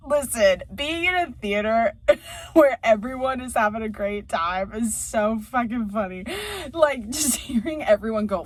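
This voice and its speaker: Woman, fairly high voice, profane casual rant, laughs a lot. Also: unhurried. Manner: profane, animated, laughs often. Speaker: vlogger reviewing movies.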